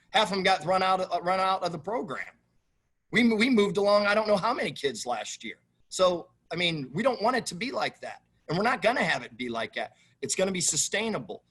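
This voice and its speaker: A man, a head football coach, answering questions at a press conference in an emphatic, animated way that repeats itself. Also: fairly high pitch, husky.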